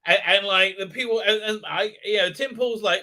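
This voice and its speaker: A man's voice: high voice, normal speed, pushed and bright. A man hosting his live stream, rambling and stammering through crude jokes and mocking voices in casual chat. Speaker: livestream host.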